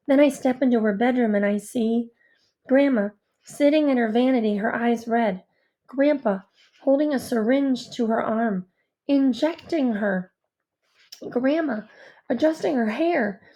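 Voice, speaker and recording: A woman narrating a first-person audiobook in a quiet, measured, introspective way. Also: high-pitched.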